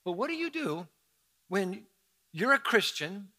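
A middle-aged man from Southern Ohio, a pastor preaching a sermon in a conversational, animated storytelling way with self-mocking asides. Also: high-pitched, a little slow.

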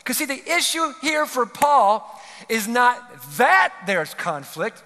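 A man's voice: very high-pitched, big pitch swings, slow pace, sharp tone. A male pastor preaching a sermon, earnest and pleading, pressing his points with rising emphasis. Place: large church hall. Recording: long hall reverb.

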